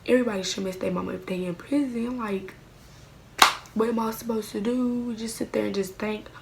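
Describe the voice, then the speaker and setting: A woman's voice: on the high side, steady tone, fairly quick, vocal fry, very noisy. A woman talking in a rambling, heartfelt personal vlog at home at night, often near tears. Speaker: vlogger.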